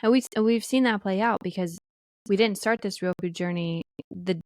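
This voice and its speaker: A woman's voice: medium pitch, moderate pace, darkish tone, no room sound. A woman in her thirties co-hosting a casual family podcast, chatting and telling stories about her kids, mimicking what they say. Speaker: podcast co-host.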